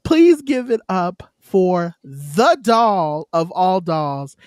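A woman's voice: lowish voice, sing-song, extremely slow, darkish tone, no room sound, studio quality. A woman co-hosting a podcast in casual chat, heartfelt and effusive, given to laughing. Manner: emotional, effusive. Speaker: podcast co-host.

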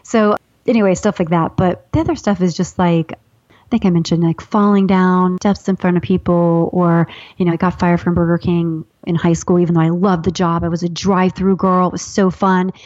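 A woman's voice: fairly low pitch, normal speed, no echo, lo-fi sound. Chatty woman telling funny stories. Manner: animated, acts out quoted voices, laughs often. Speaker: guest author. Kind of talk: casual storytelling chat.

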